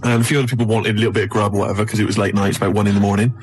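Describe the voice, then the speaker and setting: A man's voice: on the low side, little pitch movement, racing, breathy edge. A man co-hosting a radio show and telling a long, rambling anecdote full of restarts. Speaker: radio co-host. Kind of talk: radio banter.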